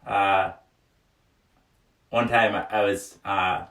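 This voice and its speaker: A man's voice: fairly low pitch, fairly even intonation, very slow, recorded from a distance, noisy background. A man hosting a casual livestream, reading viewer comments aloud, often laughing and joking frankly. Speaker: livestream host. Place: small wooden sauna. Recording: echoey room, voice away from mic.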